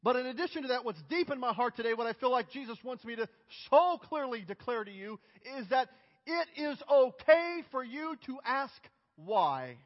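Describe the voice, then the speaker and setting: A high-pitched male pastor delivers an emphatic sermon that swells into loud cries. His voice rings with a long hall reverb. The sound is muffled and dull. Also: animated, moderate pace. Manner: emphatic, building to loud outcries.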